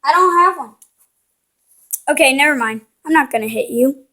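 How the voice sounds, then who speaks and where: High, bright-voiced playful woman gamer. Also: animated, normal speed. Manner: playful, cheeky, teasing the game characters. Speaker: gaming channel host. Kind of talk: casual let's-play commentary.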